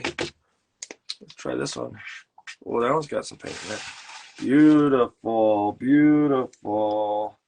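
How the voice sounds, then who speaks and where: A man hosting a casual live stream while painting, telling a rambling, joking tall tale with many halting restarts. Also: medium pitch, gravelly, background noise. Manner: halting, full of fillers and restarts. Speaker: host and illustrator.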